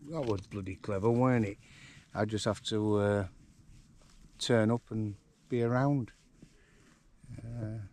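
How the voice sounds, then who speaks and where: A man's voice: lowish voice, a little mellow. An older man with a Yorkshire accent, chatting casually to camera on his farm and talking fondly to his donkeys. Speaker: farm vlogger. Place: outdoors in a farm paddock.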